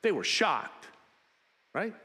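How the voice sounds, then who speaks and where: A male pastor delivers a lively sermon, slipping into the voices of the people in his Bible stories. His voice sits a little high for a man and has a bright, forceful edge. The sound rings with the long reverb of a large sanctuary. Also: slow. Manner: animated storytelling, acting out biblical characters.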